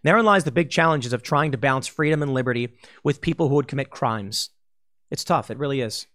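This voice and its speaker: A man's voice: mid-range voice, brisk, fairly bright tone. A man hosting a political commentary monologue, blunt and argumentative, often acting out mocking voices. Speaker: host.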